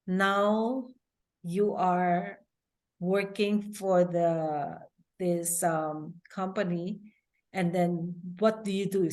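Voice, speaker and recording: A woman hosting a casual interview, asking gentle, hesitant questions and giving many affirmations. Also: on the low side. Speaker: interview host.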